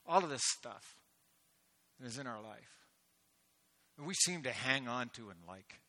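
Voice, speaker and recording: A man preaching a sermon, swelling into loud, emphatic delivery with rhetorical questions. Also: mid-range voice, lively intonation, measured pace, long pauses. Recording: echoey hall with long reverb.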